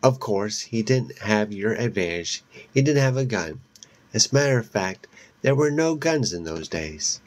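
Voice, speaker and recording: A centuries-old female vampire from a horror audiobook, put on by a man reading aloud, taunts her prey in a sugary, mocking tone. She speaks low and unhurried, with slow menace. Her cruelty comes across as playful. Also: lively intonation. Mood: taunting.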